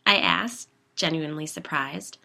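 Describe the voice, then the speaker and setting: Bright-voiced woman reading a story. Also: low voice, sing-song, unhurried, gravelly. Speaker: narrator. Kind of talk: first-person story reading.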